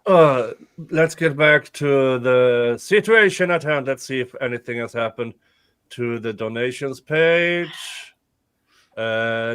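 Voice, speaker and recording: A man's voice: mid-range voice, lively intonation, slow pace, fairly bright tone, clean tone, no room sound. A man co-hosting a livestream in casual chat, blunt and casually profane.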